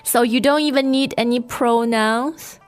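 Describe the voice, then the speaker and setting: A woman co-hosting a lesson podcast, modeling words slowly and repeating them. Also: a little high, fairly even intonation. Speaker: Mandarin teacher, co-host. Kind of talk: scripted language-lesson podcast. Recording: faint music bed.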